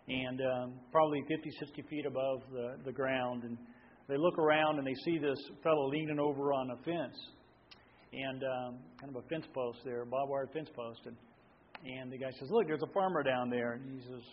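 A man preaching a sermon, telling stories in a folksy way with many fillers and restarts. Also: mid-range voice. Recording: dull lo-fi sound with faint room noise.

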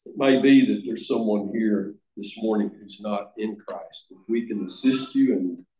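A man's voice: lowish voice, moderate pace, warm tone. Earnest preacher man in an echoey room. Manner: earnest, emphatic, with restarts. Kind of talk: sermon. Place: church sanctuary.

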